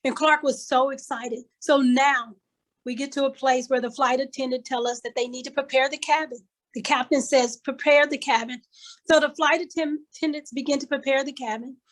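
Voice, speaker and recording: A woman's voice: high voice, fairly even intonation, brisk, low-quality recording. An older woman from Kansas City giving a motivational talk as a conference speaker, telling a story with emphatic, repeated phrases like a preacher, heard over a video call. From Kansas City, USA.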